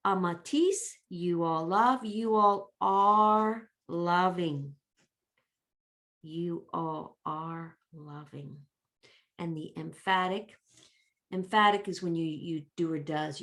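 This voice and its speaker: Slow, patient woman teaching Latin. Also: lowish voice. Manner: patient, repeats and spells out words, checks in with okay and right. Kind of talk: children's language lesson.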